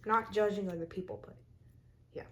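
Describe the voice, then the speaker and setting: In a low-quality recording, a woman with a steady, mid-range voice and a slightly bright tone speaks at normal speed. She's a toy collector in a casual show-and-tell vlog, going through her figures one at a time and chatting briefly about each.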